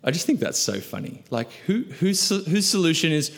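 A male pastor preaching a sermon, asking rhetorical questions and moving between loud emphasis and hushed, low asides. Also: big pitch swings, normal speed, gravelly. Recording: long reverb of a large hall.

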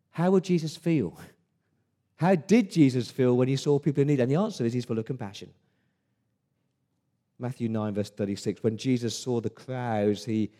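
Man, pastor, sermon, earnest emphatic delivery, mellow dark voice. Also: mid-range voice. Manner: earnest, emphatic preaching with repeated restarts.

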